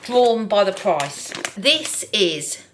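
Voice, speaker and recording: A woman talks through her week for a vlog in a chatty, self-deprecating way. Her voice is bright and forward, at an ordinary pitch for a woman. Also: very animated, very slow, a little hiss or hum. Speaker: vlogger. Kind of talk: casual vlog narration.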